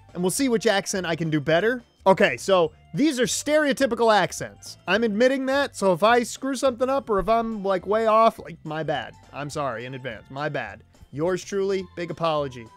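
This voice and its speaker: A man's voice: high-pitched, animated, normal speed, few pauses, no echo, soft background music. Rambling, swearing young man host. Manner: rambling, swearing, self-mocking. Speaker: YouTube host. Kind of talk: casual solo commentary. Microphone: desk mic, close.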